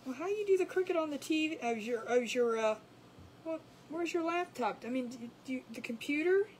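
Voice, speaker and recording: High voiced lady rambling on her craft live stream, calling out viewers by name, bit of hum in the back. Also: lively intonation, brisk, darkish tone, poor audio. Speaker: craft livestream host. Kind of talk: casual live-stream chat.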